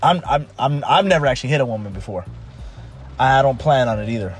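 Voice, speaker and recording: A man's voice: medium pitch, lively intonation, quick pace. A man in his thirties talking casually and emphatically, repeating himself and restarting phrases, with heavy rain heard behind him. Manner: emphatic, repetitive, restarts often. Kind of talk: casual monologue. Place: home during a rainstorm. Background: pouring rain, faint music.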